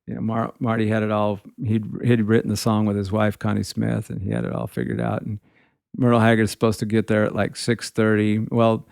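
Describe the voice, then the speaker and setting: Gravelly man spinning rambling road stories. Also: lowish voice, flat delivery, a little fast, darkish tone, dry recording, clean studio sound. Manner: rambling anecdotes peppered with "you know". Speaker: guitarist telling tour stories. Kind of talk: casual storytelling.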